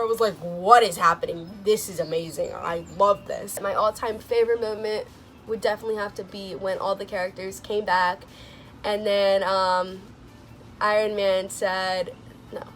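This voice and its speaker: Gushing excitable young woman. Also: a little hiss or hum. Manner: gushing and excitable, many "like"s, laughs and sighs, swings into squealing high quotes. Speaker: vlogger reviewing a movie. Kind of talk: casual chat.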